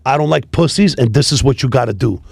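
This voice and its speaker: A man, a tow business founder telling profane, animated stories in a casual interview. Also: medium pitch, quick pace, gravelly, slightly rough, no room sound, studio quality. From New York City. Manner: profane, animated street storytelling.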